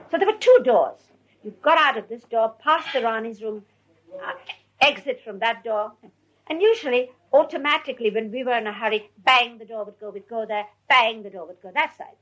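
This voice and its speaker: A woman recounting her memories to an audience in an animated way, often laughing as she tells. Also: on the high side, fairly quick, low-quality recording. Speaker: storyteller.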